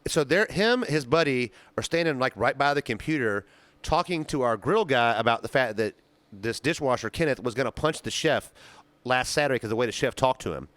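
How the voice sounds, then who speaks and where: A man's voice: medium pitch, a little fast, dry recording. A young man co-hosting a podcast, telling a workplace story casually and profanely, acting out the quotes. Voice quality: animated, profane, acts out quotes. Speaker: podcast co-host.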